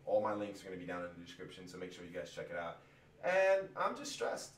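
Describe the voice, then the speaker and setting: A man's voice: deep voice, flat delivery, racing. A man and musician venting to his viewers in a casual rant, frustrated and profane, rambling with restarts. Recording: echoey room, distant from mic.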